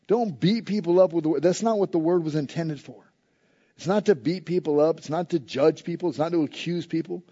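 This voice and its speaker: A man preaches in a high, mellow voice, talking to the congregation as if in conversation. He swings from loud, emphatic lines to soft, low asides. The recording sounds a little dull. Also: a little fast. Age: adult with a school-age son. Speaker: pastor. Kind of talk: sermon.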